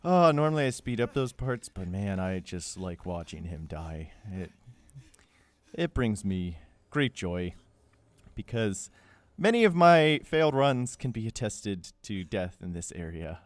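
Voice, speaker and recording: A man's voice: fairly low pitch, sing-song, measured pace, no echo. A young man giving a casual, joking game walkthrough voice-over, rambling with sarcastic asides. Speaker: gameplay guide narrator.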